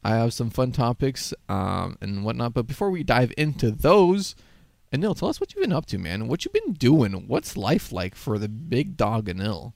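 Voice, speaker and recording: A man's voice: medium pitch, very animated, normal speed, gravelly, darkish tone, no room sound, studio quality. A man hosting a casual gaming podcast, rambling and joking with frequent laughs. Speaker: podcast host.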